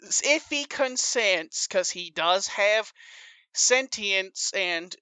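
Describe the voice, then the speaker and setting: A woman's voice: medium pitch, lively intonation, takes it slowly, pushed and bright, clean tone, no echo, pitched above the performer's own voice. A woman doing Papa Skuff, a rambling folksy old drifter. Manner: rambling, wheedling salesman talk. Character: dim, folksy older male wasteland wanderer. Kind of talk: tabletop role-play.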